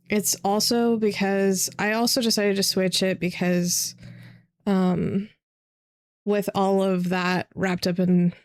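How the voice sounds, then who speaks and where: Tired young female streamer, creaky fry, loose rambling delivery. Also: medium pitch, darkish tone. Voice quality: vocal fry. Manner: rambling, many fillers. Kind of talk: casual chat.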